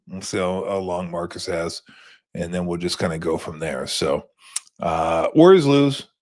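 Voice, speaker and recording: Man in his fifties, a sports show host with a lowish voice; easygoing, wandering storyteller. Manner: laid-back, rambling storyteller. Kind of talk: casual postgame chat.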